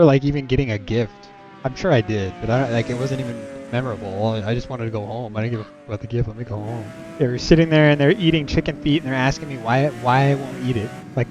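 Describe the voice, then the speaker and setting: A young man telling a rambling, exasperated personal story as a vlogger. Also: mid-range voice. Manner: exasperated, rambling, many fillers. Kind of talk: casual storytelling rant. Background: music.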